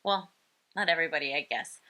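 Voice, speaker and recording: A woman's voice: sits low, sharp tone. A woman giving an informal parenting lesson on baby speech, explaining in an easygoing way with frequent ums. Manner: explains slowly, many ums, imitates baby sounds. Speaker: speech-language educator.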